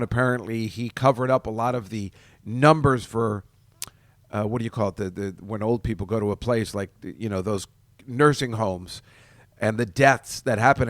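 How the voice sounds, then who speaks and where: A man's voice: mid-range voice, no echo, clean studio sound. A man hosting a podcast, telling casual stories in a rambling, self-interrupting way with frequent chuckles. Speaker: podcast host. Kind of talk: casual solo podcast chat.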